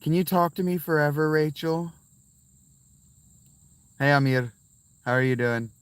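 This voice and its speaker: A man's voice: a little high, unhurried, smooth, no room sound. A man in his fifties hosting a casual livestream outdoors from his phone, chatting with viewers and rambling between thoughts. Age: 50s. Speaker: livestream host. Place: outdoors by a fountain.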